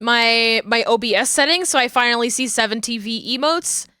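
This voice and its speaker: A woman's voice: on the high side, moderate pace, sharp tone, clean tone, dry recording, studio quality. A woman streaming live, chatting casually and playfully with her viewers and giggling while she works. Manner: playful and giggly, talks to chat while working.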